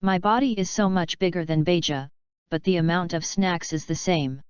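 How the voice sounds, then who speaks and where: A woman's voice: fairly low pitch, normal speed, clean tone, dry recording, close to an everyday voice. A woman voicing a big, silly male dog who talks, eager and complaining. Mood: whiny. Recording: dull lo-fi recording.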